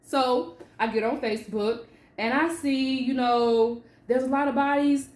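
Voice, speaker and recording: A woman author sharing a personal story with emphatic, animated delivery, then reading from her book. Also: sits high, normal speed. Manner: emphatic and animated, with swings in loudness. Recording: echoey room.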